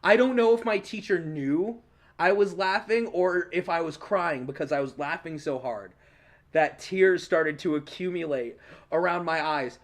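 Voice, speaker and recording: A young man hosting a podcast, telling a story in a casual, animated way, swearing often and laughing along. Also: a little high, a little slow. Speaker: podcast host.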